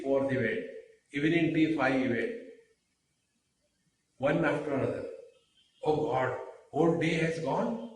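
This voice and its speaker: A man giving a spiritual discourse, speaking deliberately with rhetorical questions and pauses. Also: medium pitch, fairly bright tone. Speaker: spiritual teacher. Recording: very echoey room, mic far off.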